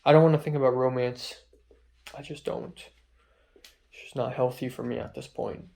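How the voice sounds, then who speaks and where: A young man talks to the camera about his day in a loose diary-style vlog. He rambles in an off-hand way, full of ums and stray asides. His voice sits at an ordinary middle pitch. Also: steady tone, normal speed, vocal fry, a little mellow. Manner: rambling, filler-heavy, off-hand. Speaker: vlogger. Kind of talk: casual diary-style chat.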